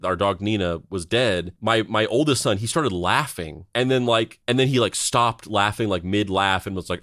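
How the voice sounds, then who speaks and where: A man in his thirties chats on a podcast, rambling from one thought to the next with a blunt, sardonic streak. His voice sits a bit low. The recording is close and dry, with no room sound. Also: animated, brisk, hardly any pauses, fairly bright tone, no room sound. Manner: rambling, conversational storytelling. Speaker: podcast co-host. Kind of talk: casual chat.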